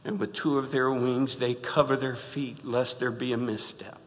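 A middle-aged man preaching a sermon in a church, animated and rising to loud exclaims, often asking the congregation to answer back. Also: medium pitch, normal speed. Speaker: pastor. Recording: reverberant church hall.

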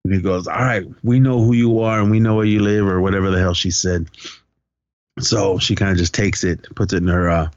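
A man's voice: deep voice, steady tone, fairly quick, no echo, dull audio. A man co-hosting a podcast, loosely retelling a film's plot and acting out the characters' lines. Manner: loose storytelling, acts out quotes, profane. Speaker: podcast co-host. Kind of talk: casual movie recap.

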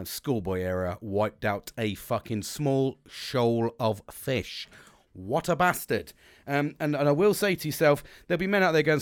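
A man's voice: mid-range voice, no echo, studio quality. A middle-aged man hosting his own podcast, rambling and swearing with a self-deprecating humour in casual solo chat. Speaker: podcast host. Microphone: close podcast microphone.

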